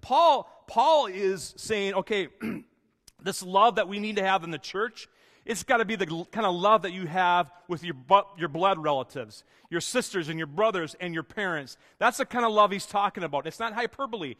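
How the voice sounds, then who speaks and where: A man preaches to his congregation in an earnest, conversational way, restarting phrases as he works through his point. His voice sits a little high for a man. The sound carries a long reverb, as in a large church hall. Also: fairly quick, pushed and bright. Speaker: pastor. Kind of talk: sermon.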